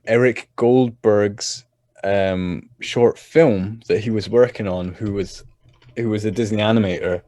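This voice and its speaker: A man's voice: fairly low pitch, darkish tone, no echo. A man co-hosting a podcast in a casual, rambling way, often restarting his sentences. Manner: rambling, repeats words when starting. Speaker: podcast co-host. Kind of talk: casual chat.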